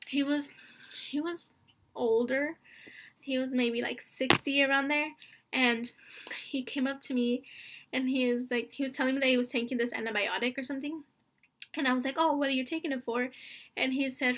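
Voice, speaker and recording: A young woman speaks in a slightly higher voice, telling her story casually and earnestly. She rambles, leaning on "like" and "honestly," and sounds close to tears. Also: steady tone, normal speed, fairly bright tone. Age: young adult. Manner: rambling, earnest, heavy use of fillers like "like" and "honestly". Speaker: vlogger.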